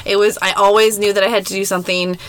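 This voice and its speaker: A woman's voice: medium pitch, little pitch movement, fast talker, rough recording. A woman in her thirties co-hosting a podcast, speaking frankly with jokes and frequent laughter. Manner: frank, joking, laughs often. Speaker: podcast co-host. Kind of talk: casual chat.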